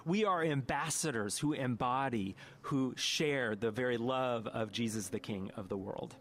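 A man's voice: mid-range voice, a little slow, fairly bright tone. A man preaching a sermon as a pastor, reading a story aloud and reflecting on it earnestly, now and then correcting himself mid-phrase. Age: adult parent.

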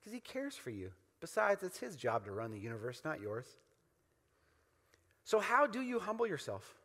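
Pastor, male, high bright voice, emphatic repeating sermon delivery, hall reverb. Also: huge pitch swings, normal speed. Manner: emphatic, repetitive call-and-response preaching.

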